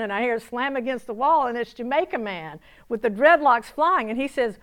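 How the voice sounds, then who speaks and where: Pastor woman telling a lively testimony. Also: on the high side, fast, few pauses. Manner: lively storytelling that drops to soft, hushed tones. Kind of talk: spoken testimony to an audience.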